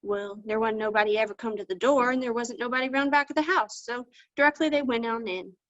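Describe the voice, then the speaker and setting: A woman's voice: on the high side, fairly quick, fairly bright tone, no room sound. A woman storyteller telling a folktale with folksy country phrasing over a video call. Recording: dull lo-fi dry sound.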